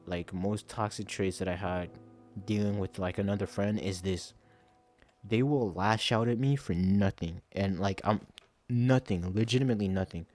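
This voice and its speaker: A young man hosting a podcast, telling a story in a profane, animated late-night monologue. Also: low-pitched. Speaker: podcast host.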